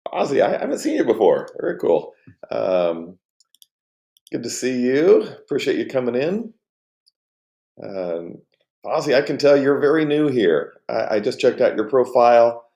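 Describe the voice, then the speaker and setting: Low mellow guy rambling on his stream, says hi to chat, kinda echoey room. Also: very animated, creaky. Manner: rambling, halting, greets chat viewers by name. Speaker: livestream host. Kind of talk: casual livestream chat.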